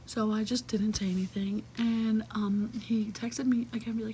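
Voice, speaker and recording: A young adult woman telling a personal story in casual, chatty talk, full of "like" fillers, cursing, and hushed, whispery asides. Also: fairly high pitch, little pitch movement, normal speed, slight background noise, poor audio.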